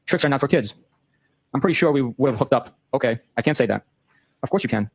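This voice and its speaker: A man hosting a show, reading a long exchange of text messages aloud in a brisk, matter-of-fact way. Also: mid-range voice, lively intonation, husky, no echo. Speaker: host.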